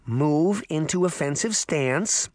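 A man's voice: on the high side, expressive, takes it slowly, a little mellow, no echo. A man voicing a brave little girl who barks earnest martial-arts commands in a raised voice. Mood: determined.

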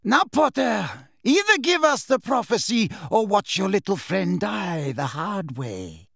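A man voicing a gleeful, cruel, unhinged witch who taunts in a shrill voice. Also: big pitch swings, measured pace, vocal fry, fairly bright tone, no echo, clean studio sound, exaggerated voice. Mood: taunting.

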